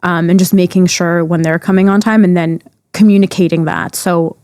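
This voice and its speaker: A woman wedding planner, a guest on a podcast, chatting casually and friendly, thinking out loud and laughing easily. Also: lowish voice, steady tone, normal speed, no room sound. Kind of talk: casual chat.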